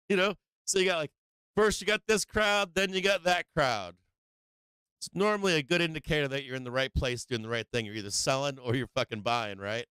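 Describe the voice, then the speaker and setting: Speaking at normal speed in a clean tone with no room sound, a male stock market show host rants through brash, profane market commentary live, moving from loud, emphatic points down to low, quieter explanations.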